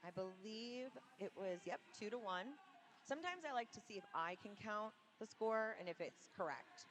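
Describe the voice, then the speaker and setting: A woman calls roller derby play-by-play from an arena in a chatty, jokey way. Her voice is mid-pitched and she talks through a headset mic. A faint hum of noise runs under her. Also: normal speed, fairly bright tone. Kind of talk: live sports commentary.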